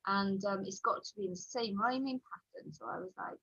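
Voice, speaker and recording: A woman with a Welsh accent, a children's author chatting on a podcast in an animated way, full of fillers. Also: medium pitch, brisk, slightly rough, lo-fi sound. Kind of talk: casual podcast chat.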